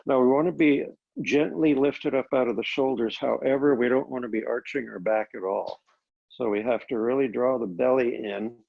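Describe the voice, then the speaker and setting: A man teaching a Pilates class, calmly cueing each step of the exercises, recorded on a laptop microphone. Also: mid-range voice, creaky, husky, muffled recording. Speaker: Pilates instructor. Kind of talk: guided exercise class instruction.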